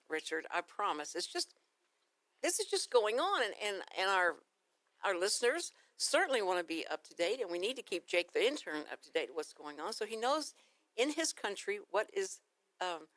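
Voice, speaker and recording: A woman's voice: medium pitch, sing-song, moderate pace, fairly bright tone, no room sound. A woman with a Texan accent hosting a casual morning radio talk show, rambling through stories and laughing easily. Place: radio studio. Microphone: studio microphone.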